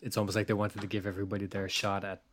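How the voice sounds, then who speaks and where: A young man co-hosting a podcast in casual chat, laid-back and measured, often trailing off quietly. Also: on the low side, level tone, a little hiss or hum. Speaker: podcast co-host.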